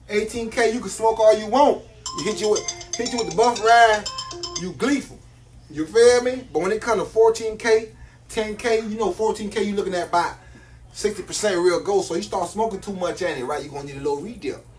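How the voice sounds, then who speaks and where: A man's voice: sits high, a little mellow. Boastful man hyping on a live stream. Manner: boastful, slangy, repetitive hype. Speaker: live-stream jewelry seller. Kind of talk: casual live-stream hype talk.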